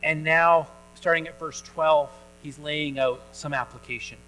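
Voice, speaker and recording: A male pastor preaching a sermon in a church, telling a story in a relaxed conversational way with frequent pauses and restarts. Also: on the high side, soft background music, poor audio.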